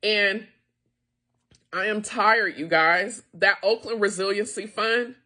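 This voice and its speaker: An American woman who owns a wine tasting room speaks straight to camera in a steady, medium-pitched, slow, sharp-toned voice. Upset and frustrated, she vents with profanity about being denied a grant.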